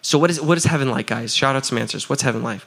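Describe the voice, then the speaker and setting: A man preaching a sermon as pastor, energetic and chatty, asking the crowd for answers and often adding "right?". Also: mid-range voice, racing, vocal fry. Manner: laughs often, repeats "right?".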